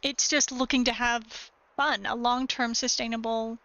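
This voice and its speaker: High, bright-voiced woman streamer. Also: flat delivery, a little slow, no room sound, dull audio. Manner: clipped dog-training commands, then explanatory talk. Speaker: gaming streamer. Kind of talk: casual live-stream chat.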